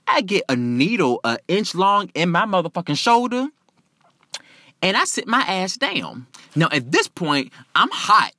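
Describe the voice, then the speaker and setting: A man tells a personal story in a loud, profane and emphatic way. His voice is bright and sharp, with lively swings in pitch, and it sits a bit high for a man. The sound is dry and close. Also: a little slow, no room sound. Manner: profane, animated, indignant and emphatic.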